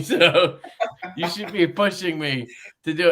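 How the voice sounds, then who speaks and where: A man's voice: on the high side, takes it slowly, pauses often, a bit bright. A man hosting a livestream in casual chat, rambling and jokey, with some swearing. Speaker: livestream host.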